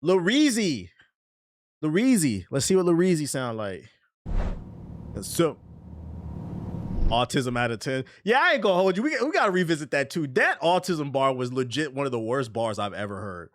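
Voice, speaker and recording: A man's voice: a little high, sing-song, normal speed, pauses often, dry recording. A man streaming his reactions to music, blunt and incredulous, swearing freely as he talks. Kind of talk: casual reaction commentary.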